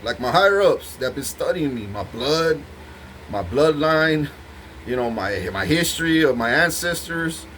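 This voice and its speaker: Speaking straight into the camera, a man with a slightly high voice delivers an intense, rambling, profanity-laden monologue aimed directly at his partner. His tone is fairly bright and animated, his pace measured, and the poor audio carries a little hiss or hum.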